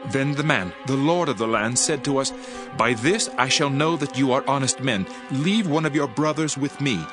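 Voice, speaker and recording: A man voices a ruler's formal terms in a steady, mid-pitched voice. Music plays clearly underneath in this dramatized scripture reading. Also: moderate pace, natural voice. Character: ruler's words quoted by a brother.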